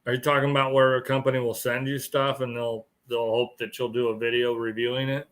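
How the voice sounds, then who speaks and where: A man's voice: mid-range voice, level tone, brisk, a bit bright. Tired man chatting on a live stream. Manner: rambling, chuckles often, greets viewers. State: tired, yawning. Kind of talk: casual live stream chat.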